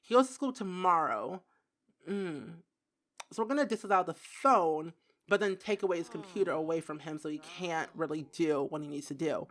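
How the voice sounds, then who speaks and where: A woman's voice: deep voice, moderate pace. Giggly young woman gaming creator. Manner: giggly, excitable, says "like" a lot. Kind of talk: casual gameplay commentary.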